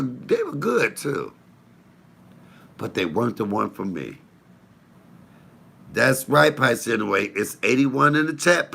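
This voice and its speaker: Animated laughing man with gravelly voice. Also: deep voice. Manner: animated, laughing, rambling anecdotes. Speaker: live stream host. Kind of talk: casual storytelling on a live stream. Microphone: phone.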